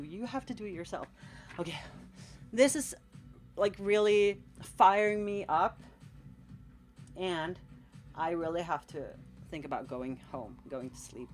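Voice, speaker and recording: Low-voiced Scandinavian woman chatting late at night. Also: a little slow, pauses often, soft background music. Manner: rambling, animated, encouraging, lots of "like". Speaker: tattoo artist streaming live. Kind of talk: late-night live-stream chat with viewers. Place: at home in a cold room, painting.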